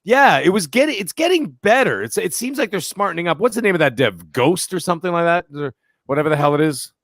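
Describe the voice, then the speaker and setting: A man's voice: sits high, fast, no room sound, studio quality. A middle-aged man hosting a gaming podcast, joking and arguing in casual chat. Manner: joking, argumentative, excitable. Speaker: podcast host.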